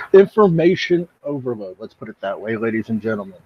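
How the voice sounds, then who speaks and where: A man's voice: mid-range voice, very animated, normal speed, breathy edge, no echo. A man co-hosting a live game show, steadily reading out patch notes in an announcing manner. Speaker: co-host. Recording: dull lo-fi audio.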